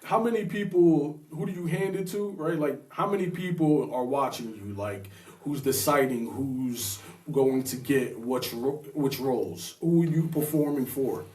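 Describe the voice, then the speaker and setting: A man's voice: mid-range voice, measured pace, darkish tone. A man co-hosting a podcast who asks prodding questions and teases in slangy casual talk. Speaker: podcast co-host. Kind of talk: casual chat. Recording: echoey room, distant mic.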